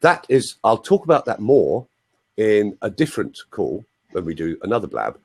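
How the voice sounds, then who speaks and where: Animated male voice coach, husky. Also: on the low side, normal speed. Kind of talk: live video interview.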